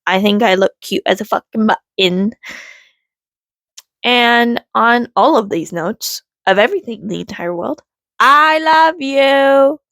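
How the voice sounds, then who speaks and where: A woman ranting on her vlog from home, rambling and swearing, swinging from low mutters to loud, exasperated outbursts. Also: measured pace, gravelly, no room sound. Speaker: vlogger.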